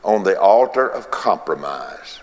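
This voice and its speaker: Slow, deep-voiced preacher man. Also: animated, darkish tone, long reverb tail. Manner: folksy, repeats phrases, laughs between points. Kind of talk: sermon.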